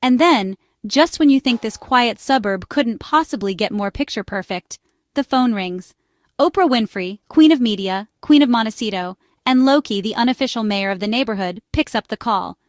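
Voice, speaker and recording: A woman's voice: a little high, lively intonation, normal speed, dry recording, studio quality. A woman reading a scripted narration in a playful, dramatic way. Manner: playful, dramatic build-ups.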